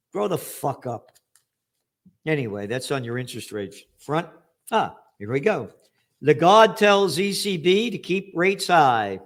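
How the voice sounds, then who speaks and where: A man's voice: high-pitched, very animated, a little slow, fairly bright tone. An older man hosting a news commentary, ranting angrily and profanely, with sarcastic emphasis as he reads out headlines.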